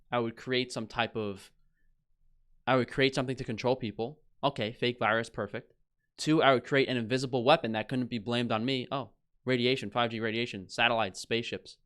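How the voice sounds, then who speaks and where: A man's voice: medium pitch, fairly bright tone, smooth. A young man streaming, ranting with scorn and heavy swearing as he reads headlines aloud. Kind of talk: casual ranting commentary.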